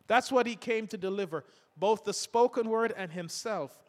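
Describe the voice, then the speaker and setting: Older preacher with a high voice. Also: male voice, moderate pace, big-room sound. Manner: reads scripture aloud and breaks into homely stories. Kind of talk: sermon.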